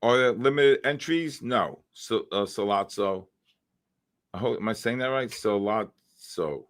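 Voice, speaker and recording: A man's voice: medium pitch, moderate pace, a bit bright. A man from the Bronx, hosting a live trading stream in a brash, joking way. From the Bronx, New York. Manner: brash, joking, calls out viewers by name. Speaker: livestream trading host.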